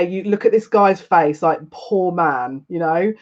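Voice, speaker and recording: A woman's voice: lowish voice, animated, unhurried, lo-fi sound. A woman giving a casual live psychic reading to viewers, chatty and rambling, often breaking into laughter. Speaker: psychic reader.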